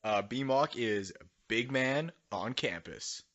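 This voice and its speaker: A man's voice: mid-range voice, lively intonation, slow pace, fairly bright tone. A man co-hosts a podcast in casual chat, teasing the others playfully. His voice sits mid-range. The recording is dull and lo-fi. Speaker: podcast co-host.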